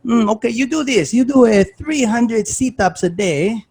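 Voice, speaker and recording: A man putting on a curt ex-army male fitness coach with a thick European accent, blunt and halting. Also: extremely high pitch, animated, a little mellow, breathy edge, pitched above the performer's own voice, full character voice. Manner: blunt, halting, hesitant fillers.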